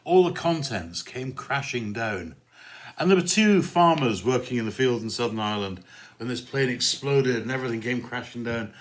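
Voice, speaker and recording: A man's voice: mid-range voice, normal speed. A man hosting his own podcast, chatting casually with rambling asides and self-mocking dry jokes, and reading out a comic poem. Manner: relaxed, meandering delivery with many fillers. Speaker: podcast host. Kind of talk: casual solo podcast chat and poetry reading.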